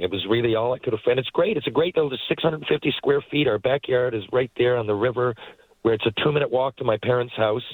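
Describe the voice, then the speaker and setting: A man, a guest telling rambling, animated anecdotes from his parked car. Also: mid-range voice, fairly quick, no echo, poor audio. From Newfoundland, Canada. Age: 40s. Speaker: guest, former hockey player and actor. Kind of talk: casual storytelling interview.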